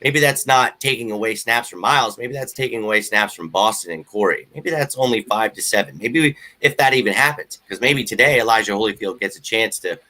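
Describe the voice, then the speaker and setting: A man co-hosting a casual sports chat, excitable and joking. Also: fairly low pitch, fairly quick, hardly any pauses. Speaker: podcast co-host.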